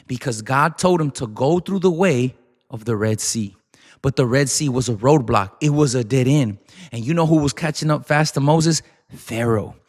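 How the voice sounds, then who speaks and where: Male preacher, fairly high voice, urgent and repetitive, with a long hall reverb. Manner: emphatic, repetitive, urgent exhortation. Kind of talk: sermon.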